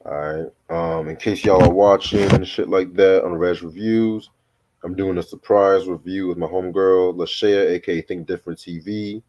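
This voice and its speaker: A man's voice: low voice, fairly even intonation, normal speed, darkish tone, lo-fi sound. A man hosting a casual music review, laid-back and slangy, with family from Sierra Leone. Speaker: channel host.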